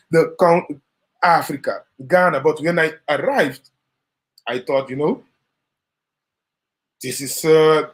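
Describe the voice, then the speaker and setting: Slow-talking man, high voice. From Netherlands. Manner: slow, gentle, says "you know" often. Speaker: live-stream host. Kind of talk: casual chat.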